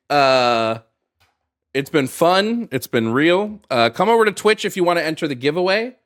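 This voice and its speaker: A man's voice: on the high side, expressive, moderate pace, fairly bright tone. Male host, casual live-stream patter, easygoing with fillers. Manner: loose and chatty, lots of ums and restarts. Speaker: host of a call-in debate stream.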